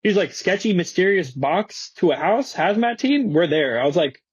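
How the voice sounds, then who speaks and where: A man's voice: sits high, lively intonation, normal speed, slightly rough, dry recording, lo-fi sound. A young man, a skateboarding guest, telling a story in a slangy, profane way and acting out the quotes. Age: young adult. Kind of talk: animated storytelling with quoted voices. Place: podcast studio.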